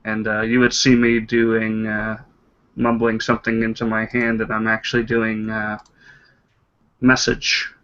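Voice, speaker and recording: A man's voice: on the low side, monotone, measured pace, a bit bright, dull audio. A man describing his character's actions in a tabletop game. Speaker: player.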